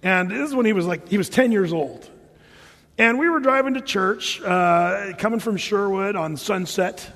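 Male pastor, middle-aged, high voice, sermon storytelling, loud bursts, reverberant church hall. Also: moderate pace.

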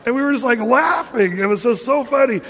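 A middle-aged man preaching a sermon in a church, telling stories in an animated way with loud bursts. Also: very high-pitched, fairly quick, slightly rough. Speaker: pastor. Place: church hall. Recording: church hall reverb.

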